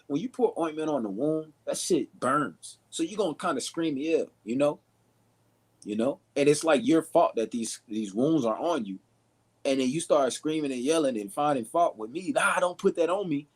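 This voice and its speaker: Male street preacher, raspy and fairly high, repetitive and heated. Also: expressive, normal speed. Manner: acts out quoted shouts, repeats himself, says "you know" and "man" often. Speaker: fellow preacher.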